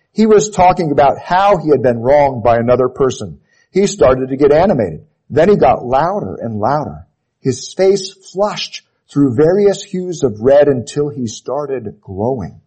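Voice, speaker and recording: A man preaching a sermon, emphatic and repetitive, often dropping to a quiet, low intensity at the ends of phrases. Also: lively intonation, unhurried, husky, rough recording. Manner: emphatic, repeats key phrases, drops to low intensity on closing words.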